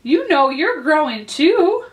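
Earnest storybook girl, slow and light, done by a woman; roomy sound. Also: sits high, expressive, voice pushed up. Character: young girl, meek then bold. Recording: roomy echo.

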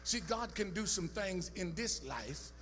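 A man preaching a sermon as pastor, swinging from low, quiet scripture reading up to shouted calls. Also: animated, a little slow. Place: church sanctuary. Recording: church hall reverb with faint music and hum.

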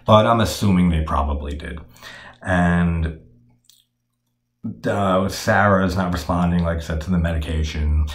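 A man's voice: deep voice, a little slow, pauses often, reverberant. A man talking casually and frankly about a film, swearing freely and using many fillers. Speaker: horror film reviewer.

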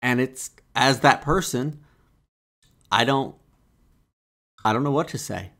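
A man co-hosting a podcast in casual chat, laid-back, sliding into low deadpan quotes. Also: slow. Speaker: podcast co-host.

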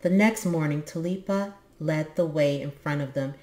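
A woman's voice: sits low, normal speed, dark tone. A woman reading a children's book aloud on her book channel, with casual, musing asides. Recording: echoey room.

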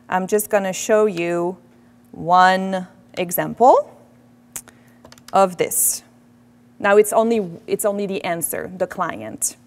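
Woman professor, animated, self-deprecating lecture delivery. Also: fairly low pitch. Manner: animated, self-deprecating, quoting French phrases. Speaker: French professor. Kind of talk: faculty lecture. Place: lecture hall.

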